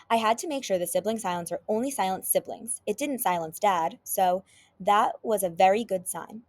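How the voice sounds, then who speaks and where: Woman teacher, storybook read-aloud, expressive, medium pitch. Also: normal speed. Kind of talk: reading a children's chapter book aloud.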